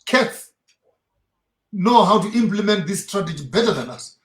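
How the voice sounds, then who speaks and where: A man's voice: sits high, lively intonation, fairly quick. Emphatic preaching man in an echoey room. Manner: preaching, emphatic, rhetorical questions. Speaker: guest speaker. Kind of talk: impassioned interview talk. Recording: roomy echo.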